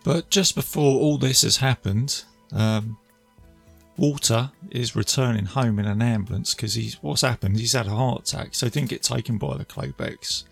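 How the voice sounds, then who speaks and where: A man's voice: medium pitch, moderate pace, creaky, husky, faint music behind. A man casually retelling a film's scenes, chatty and laughing as he goes. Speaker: film reviewer. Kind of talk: casual film recap.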